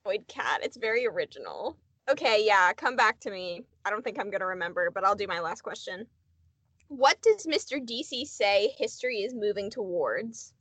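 A woman's voice: mid-range voice, animated, moderate pace, a bit bright, no room sound. A woman co-hosting a podcast, chatting casually with lots of fillers and quizzing her co-host. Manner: chatty, filler-heavy, runs quiz questions. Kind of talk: casual chat.

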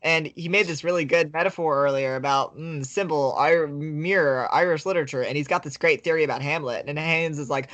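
A woman's voice: deep voice, brisk, few pauses, fairly bright tone, highs cut off. A woman co-hosting a podcast, casually recapping a book in a rambling way with lots of filler words. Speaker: podcast co-host. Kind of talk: casual chat summarizing a book.

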